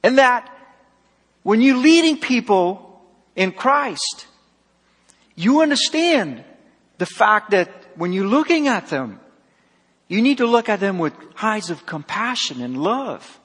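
A man preaching a sermon, emphatic, swinging between loud and soft, acting out dialogue with a slightly husky voice. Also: sits high, big pitch swings, slow, pauses often. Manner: emphatic, rising and falling sharply, acts out dialogue. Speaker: pastor. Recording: long hall reverb.

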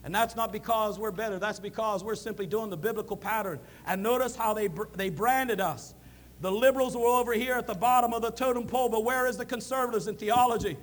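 A man preaching a sermon as a minister, building to loud, emphatic peaks. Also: sits high, fast talker.

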